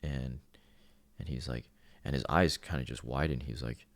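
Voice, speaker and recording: A man in his thirties with a very deep voice and a rough, gravelly edge, recorded close and dry. He talks earnestly in a loose monologue and often stops to restart his sentences. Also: moderate pace, dry recording. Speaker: podcast host. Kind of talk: casual spoken monologue.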